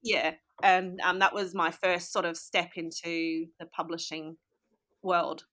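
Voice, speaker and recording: Australian woman guest, relaxed and rambling. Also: on the low side, measured pace. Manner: relaxed, rambling, hesitant with fillers. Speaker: guest author. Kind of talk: casual interview chat.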